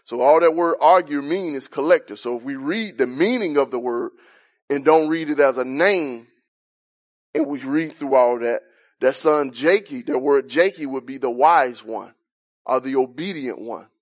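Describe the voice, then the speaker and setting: A man's voice: mid-range voice, moderate pace. A man preaching a Bible-teaching sermon, explaining a passage and asking questions as he rises in intensity on key points.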